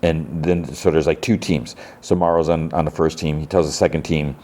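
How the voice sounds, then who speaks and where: A man's voice: rumbling low, fairly even intonation, normal speed, warm tone. A man hosting a podcast, casually retelling a TV episode in a rambling way full of fillers and restarts. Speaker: podcast host.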